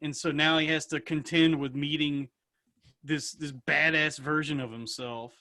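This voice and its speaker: A man co-hosting a podcast, telling a story with excitement and joking with friends. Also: a little high, unhurried. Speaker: podcast co-host. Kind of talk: casual chat. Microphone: video call.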